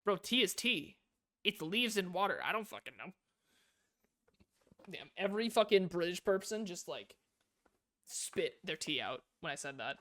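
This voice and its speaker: A man's voice: sits high, expressive, normal speed, long pauses, fairly bright tone. A young man from the United States streaming a visual novel, reading it aloud and joking with lots of swearing. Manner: profane, joking, reads game text aloud. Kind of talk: casual gameplay commentary.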